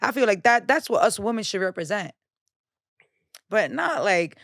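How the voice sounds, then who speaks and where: A woman's voice: mid-range voice, normal speed, vocal fry, long pauses, dry recording, clean studio sound. A young woman with a New York accent, a podcast guest talking bluntly and profanely in casual chat. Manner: blunt, profane, animated storytelling.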